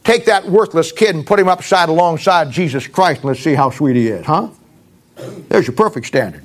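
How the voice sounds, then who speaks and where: High-voiced blunt folksy preacher. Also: male voice, animated, a little fast. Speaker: pastor. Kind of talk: sermon.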